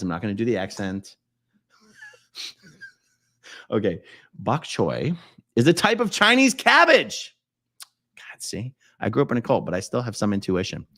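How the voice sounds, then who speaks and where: A man's voice: fairly low pitch, creaky, a bit bright, no echo, studio quality. A man hosting a casual live stream, rambling and self-correcting as he reads viewer comments, often laughing.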